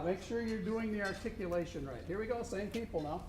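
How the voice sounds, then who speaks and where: This high-pitched male voice has a darkish tone and moves at a fairly quick clip. He's judging a contest while coaching a student band, vocalizing rhythms as demonstrations during the clinic. Echo and faint noise fill the recording.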